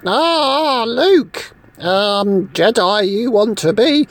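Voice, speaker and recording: A man's voice: high-pitched, expressive, very slow, heavily acted. A man voicing a tiny, ancient, cryptic green swamp sage who speaks in inverted word order.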